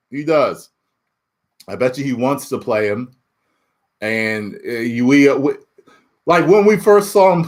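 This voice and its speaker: A man in loose, easygoing spoiler talk about a movie, his pitch leaping and falling as he riffs on chat questions. He swings from loud, excited bursts to low mutters and breaks into laughs. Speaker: YouTube movie reviewer. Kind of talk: casual spoiler talk, reading chat aloud.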